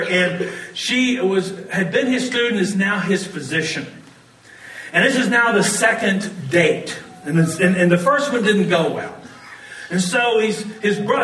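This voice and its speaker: A man preaching a sermon, telling stories in an animated way and often laughing as he talks. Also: high voice, reverberant, far from the mic, a little hiss or hum, poor audio. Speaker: pastor.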